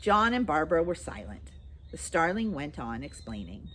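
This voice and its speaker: A woman reading a children's book aloud with an expressive, lilting manner. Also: sits low, moderate pace, a little hiss or hum. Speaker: storybook reader.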